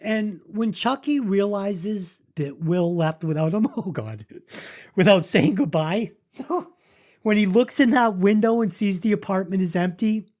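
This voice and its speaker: Podcast co-host, casual movie chat, animated pitch, emotional, choked up, swears a lot. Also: measured pace.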